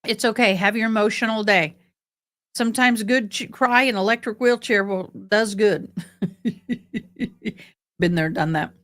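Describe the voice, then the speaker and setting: In studio-quality audio with no echo, a middle-aged woman hosts a livestream and chats casually with viewers, calling them "honey" and "boo." She has a mid-range, slightly bright voice and a moderate pace.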